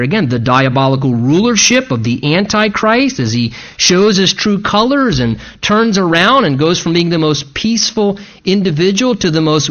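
High-voiced emphatic preacher, man. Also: a bit bright, dull audio. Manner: emphatic preaching, rising intensity on key phrases. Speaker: pastor. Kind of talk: sermon.

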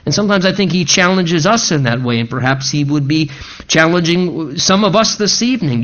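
A man's voice: fairly high pitch, expressive, brisk, fairly bright tone, dull audio. A man preaching a sermon in an earnest manner, asking rising, emphatic questions. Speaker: pastor.

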